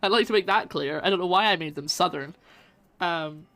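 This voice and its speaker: A woman's voice: on the low side, a little fast, a bit bright, no echo. A woman casually chatting with her viewers as she plays a game, joking at her own expense. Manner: chatty, self-mocking, talks to chat while playing. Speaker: streamer. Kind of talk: casual let's-play commentary. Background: faint game music.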